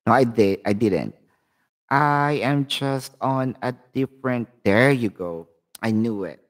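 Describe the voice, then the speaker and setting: A man with a Filipino accent hosts a live tarot reading on his channel, talking to viewers in a chatty, direct way. His medium-pitched voice takes things slowly.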